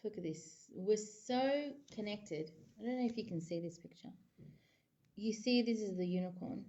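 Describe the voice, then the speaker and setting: A woman's voice: medium pitch, moderate pace, mellow, dull audio. A woman, a psychic giving a casual tarot reading to camera in a rambling, chatty way full of filler phrases.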